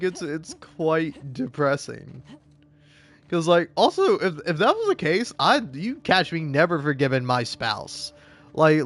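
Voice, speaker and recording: A man with a fairly high voice chats loosely while streaming, stumbling through restarts and swearing freely. Now and then he jumps up into high-pitched rants. Soft music sits faintly underneath. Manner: rambling, profane, stumbling restarts. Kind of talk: casual chat while gaming.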